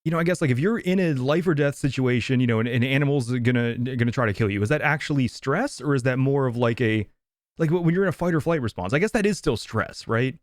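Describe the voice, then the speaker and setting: A man's voice: medium pitch, fast talker, no echo, studio quality. A man co-hosting a casual podcast over a video call, thinking aloud with lots of restarts and fillers. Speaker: podcast co-host.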